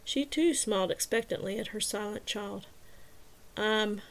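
A woman reading an audiobook chapter aloud in a calm, measured, soft-spoken way. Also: medium pitch. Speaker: podcast narrator. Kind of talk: audiobook narration.

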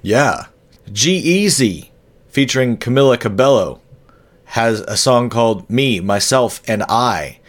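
A man's voice: medium pitch, lively intonation, slow. A man co-hosting a podcast in casual chat, rambling along with dry humor and frequent self-corrections. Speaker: podcast co-host.

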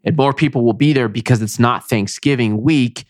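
A podcast host chats casually and enthusiastically in a medium-pitched voice at a normal speed. The audio is studio quality with no echo.

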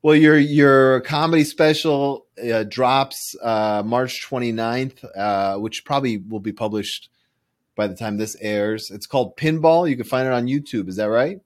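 A man hosting a podcast, thanking his guest and then reading a promo at a relaxed, even pace. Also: medium pitch, measured pace. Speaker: podcast host. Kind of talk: interview hosting and read promo.

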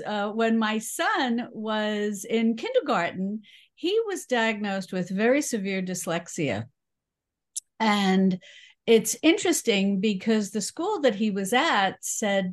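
A woman's voice: medium pitch, expressive, measured pace. Chatty woman with a New York accent. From New York City. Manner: chatty, laughs often, many fillers. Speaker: guest, cooking teacher. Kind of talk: casual interview chat.

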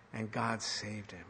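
A male pastor preaching a sermon, swinging between loud and soft, asking the congregation questions. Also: on the low side, slight background noise. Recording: echoey hall reverb.

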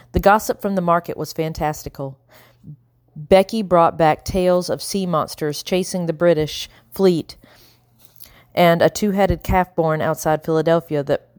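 Low-voiced woman narrating an audiobook. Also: a little mellow, no room sound, studio quality. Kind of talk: scripted narration.

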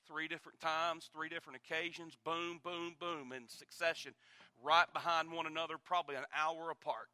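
Preacher man with a high bright voice, goes loud then hushed, dry close sound. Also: level tone, moderate pace, dry recording. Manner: dramatic swings from loud to hushed. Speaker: pastor. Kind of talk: sermon. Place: church.

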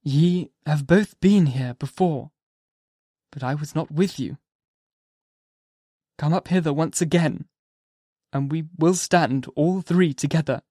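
Anguished guilt-ridden minister, urgent and pleading, raised pitch, as a male narrator puts him on; storybook reading. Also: slow pace, pauses often, mellow, no room sound, studio quality. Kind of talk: audiobook dialogue.

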